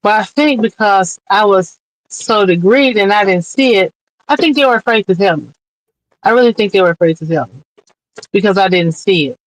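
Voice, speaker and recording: Speaking over a remote streaming mic, a woman guest on an online interview show advocates earnestly and passionately, at times near tears. Her mid-range voice has lively intonation at a normal speed, and the recording is rough.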